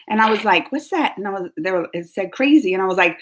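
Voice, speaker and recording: A woman's voice: mid-range voice, expressive, fast, hardly any pauses. A woman from New Orleans with a Southern accent, chatting casually and giggling as she reads viewer comments on her live stream. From New Orleans, Louisiana, US. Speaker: YouTube host.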